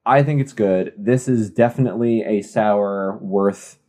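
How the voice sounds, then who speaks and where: A man's voice: on the low side, a little slow, a little mellow. A young man co-hosting a casual beer podcast, playful and full of goofy bits. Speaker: podcast co-host. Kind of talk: casual beer review chat.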